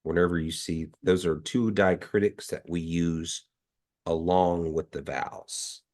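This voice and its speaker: Deep-voiced man teaching on a video call. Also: fairly even intonation, darkish tone. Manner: patient, models sounds slowly and repeats them. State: nasal from allergies. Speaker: language teacher. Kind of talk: online language class.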